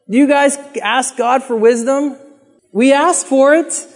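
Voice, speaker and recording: High-voiced guy preaching, earnest and chatty, acts out prayers, big echoey hall. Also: takes it slowly, soft background music. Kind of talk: sermon. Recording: long reverb of a hall.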